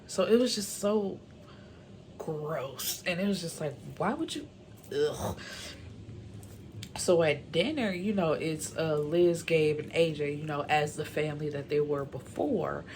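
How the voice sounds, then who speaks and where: A woman with a low voice talks through a movie's plot in a loose, chatty way, leaning on "like" and "you know". She sounds opinionated and exasperated with the characters, tossing in slangy asides as she goes. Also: normal speed, hardly any pauses, a little mellow, a little hiss or hum. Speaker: movie reviewer. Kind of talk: casual movie recap.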